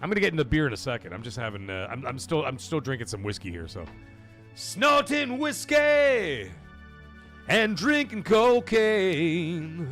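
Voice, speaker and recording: A man's voice: medium pitch, very animated, rapid-fire, few pauses, faint music behind. A man hosting a casual gaming livestream, joking, swearing and bantering with his chat. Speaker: livestream host.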